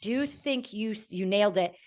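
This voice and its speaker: A young adult woman hosts a podcast conversation in an earnest, reflective manner. Her voice sits at a middle pitch and often softens as she thinks aloud. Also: animated, moderate pace. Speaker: podcast host. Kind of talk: heartfelt conversational podcast chat.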